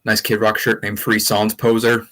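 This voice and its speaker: Young male streamer, lower-pitched voice, loose rambling chat with lots of fillers and restarts. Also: monotone, moderate pace, a bit bright. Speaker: livestream host. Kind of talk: casual livestream chat.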